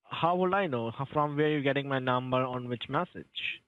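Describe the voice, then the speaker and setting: A man's voice: medium pitch, normal speed. A man calls as a scammer, pressing his questions in insistent, broken phrases. His voice comes through a muffled phone line with a dull, narrow sound. There is no room echo.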